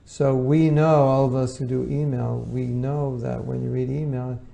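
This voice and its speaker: A man gives an informal spiritual lecture in a very mellow, dark voice with a gravelly edge. He talks conversationally and slips into the voices of the people he quotes. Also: medium pitch, little pitch movement, normal speed. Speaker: spiritual teacher.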